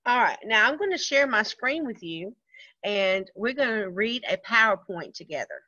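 A woman's voice: medium pitch, animated, normal speed, sharp tone, no echo, dull audio. A woman teaching an online music lesson to young children, patiently counting rhythms aloud in a sing-song way. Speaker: first grade music teacher.

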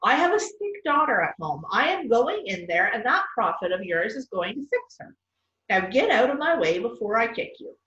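A woman's voice: high voice, lively intonation, unhurried, pitched above the performer's own voice. Woman doing a fierce, desperate mother. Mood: defiant. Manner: forceful, pleading. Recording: distant, roomy, dull sound.

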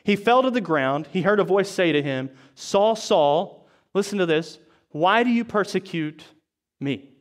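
High-voiced man preaching a sermon. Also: lively intonation, unhurried. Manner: conversational preaching with asides. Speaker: pastor. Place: church service.

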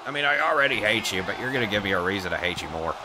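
A man giving comedic gameplay commentary, trash-talking with profanity and excited outbursts. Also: on the low side, very fast, noisy background. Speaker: gaming YouTuber.

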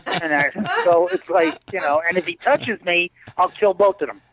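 A man's voice: high-pitched, moderate pace, crowd noise. A man telling stories as an interview guest over a video call, acting out what people said. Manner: animated storyteller, acts out others' lines. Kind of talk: storytelling in a casual interview. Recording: dry tinny call audio.

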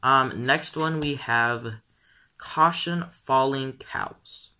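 A teenage boy vlogs casually, speaking extremely slowly in a mid-range voice with a sharp tone. His commentary rambles and is full of "um" and "like."

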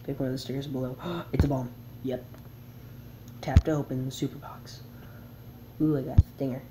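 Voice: medium pitch, flat delivery, normal speed, noisy background. A player giving casual gameplay commentary, reading the game's text aloud and chuckling at it along the way. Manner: reads game text aloud with chuckling asides. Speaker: game player.

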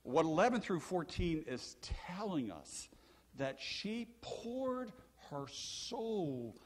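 A man's voice: sits high, takes it slowly. An older man, a pastor, preaching a sermon, telling stories and asking the congregation questions. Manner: animated storytelling preacher, asks the congregation questions. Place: church sanctuary. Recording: long church hall reverb.

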